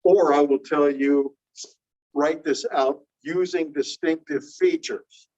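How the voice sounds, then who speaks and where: A man's voice: a little high, fairly even intonation, darkish tone, far from the mic. Male instructor, classroom lecture, patient step-by-step explaining, muffled lo-fi room recording. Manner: explains slowly and repeats key phrases, checking understanding. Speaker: linguistics instructor.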